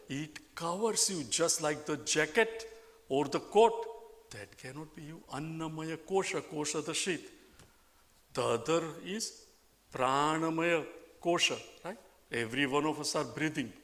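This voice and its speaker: A man's voice: on the high side, a bit bright, big-room sound. A man with an Indian accent giving a scripture class, explaining ideas patiently and checking in with "right?" after each point. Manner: conversational teaching with frequent rhetorical "right?". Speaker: spiritual teacher.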